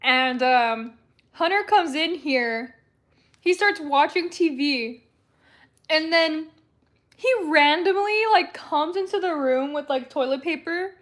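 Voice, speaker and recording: A woman's voice: high-pitched, slow pace, a bit bright. A woman from Texas, chatting casually with viewers on a livestream, rambling through stories and laughing often. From San Antonio, Texas, USA.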